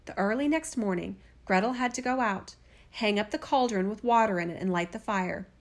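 A woman narrating a fairy tale in a steady, expressive storytelling voice. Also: mid-range voice, moderate pace. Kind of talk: fairy tale read-aloud.

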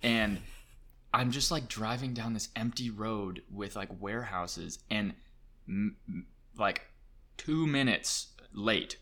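A man as a podcast guest, telling an excitable, self-mocking story and acting out voices in a casual chat. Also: fairly low pitch, slow.

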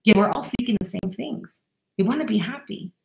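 A woman's voice: medium pitch, fairly quick, creaky, darkish tone, reverberant, low-quality recording. A woman life coach giving an earnest, direct motivational podcast monologue, speaking straight to the listener.

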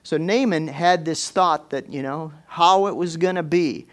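A man's voice: fairly high pitch, normal speed, few pauses. A man preaching a folksy, conversational sermon, rising into fervent exclamations as he drives his points home.

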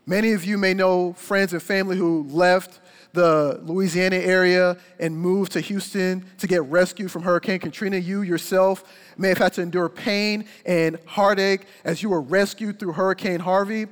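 A young man preaching a sermon, telling a personal story with energetic, emphatic delivery. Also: sits high, moderate pace. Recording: long hall reverb.

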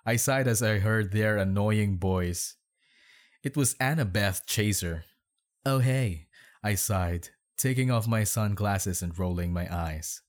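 A man's voice: fairly low pitch, unhurried. A man hosting a podcast, reading bad fan fiction aloud in his bedroom with sarcastic, mocking asides. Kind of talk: comedic dramatic reading with commentary.

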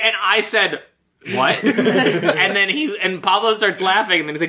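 A man's voice: high-pitched, a little fast, crowd noise. A man casually retelling a movie's scenes to friends on a podcast, quoting the characters as he goes. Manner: animated retelling with quoted voices. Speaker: podcast co-host. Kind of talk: casual movie-review chat.

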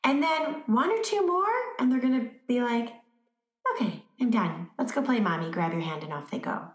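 A woman parenting coach giving advice in an animated way, acting out little scenes with voices. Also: on the high side, moderate pace, reverberant. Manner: animated, acts out examples with voices. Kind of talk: advice in conversation.

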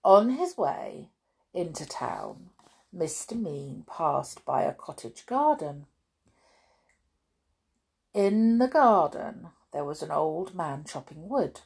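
A woman reading a children's storybook aloud with expressive, swooping emphasis. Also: deep voice, slow, vocal fry, long pauses, husky.

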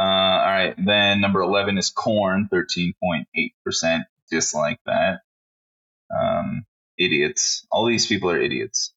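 Low, bright-voiced profane podcast guy. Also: dull audio. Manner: profane, blunt, reads out a list. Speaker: podcast co-host. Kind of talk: casual podcast chat.

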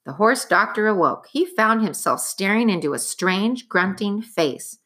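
A woman narrating a chapter book aloud in an expressive, dramatic storytelling manner. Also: medium pitch, a little slow.

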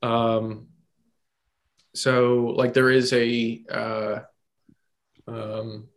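A man co-hosting a podcast, working through an idea out loud with frequent ums and pauses. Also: mid-range voice, level tone. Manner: thinking aloud, halting with many ums. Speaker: podcast co-host. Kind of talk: casual chat.

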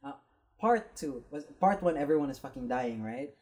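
A young woman with a low, mellow voice tells a story to friends in casual chat. She swears freely and acts out the lines of the people in it. Her tone stays dark and relaxed. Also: moderate pace.

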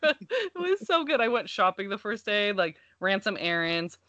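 A chatty woman telling a story in a casual conversation, filling her talk with "like". Her sound is dry and slightly dull, lo-fi as if through a modest mic. Mid-pitched voice. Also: very animated, normal speed, no echo. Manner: chatty, uses "like" a lot, warm reactions. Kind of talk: casual chat.

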